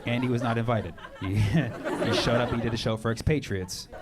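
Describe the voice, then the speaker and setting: A man with a mid-range voice and fairly even intonation, speaking at normal speed, does a brash, profane stand-up set at a comedy club, riffing with the crowd. It's recorded live in a roomy club, with crowd noise and audience laughter behind him.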